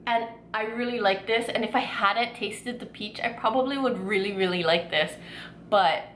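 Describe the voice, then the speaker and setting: A woman food vlogger chatting excitedly while tasting desserts, gushing with lots of fillers. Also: medium pitch, moderate pace, echoey room, slight background noise. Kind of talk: casual food tasting vlog.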